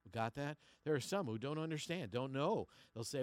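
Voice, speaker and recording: A male pastor preaching a sermon, moving from quiet slow passages to loud emphatic ones and repeating words as he finds his phrasing. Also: fairly high pitch, lively intonation, dry recording.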